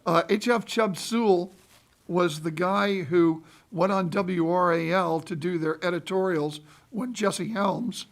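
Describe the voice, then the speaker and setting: A man's voice: sits high, measured pace. A man on a school board giving folksy, emphatic remarks at a public meeting. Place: meeting room.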